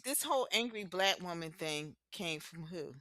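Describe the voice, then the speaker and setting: Woman podcast co-host, forceful bright tone, outspoken and profane, dry close mic. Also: on the low side, lively intonation, moderate pace, dry recording. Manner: blunt, profane, emphatic. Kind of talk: casual opinionated chat.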